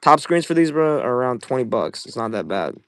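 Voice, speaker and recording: Profane, excitable young man selling live. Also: medium pitch, a little fast, dry recording. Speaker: livestream seller. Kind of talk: casual live-selling stream.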